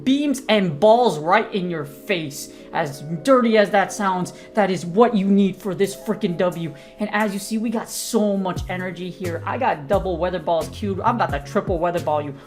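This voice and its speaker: A woman's voice: on the low side, fairly quick, few pauses, darkish tone, soft background music. A woman, a gaming content creator, giving hyped, slangy, joking commentary over her own battle gameplay.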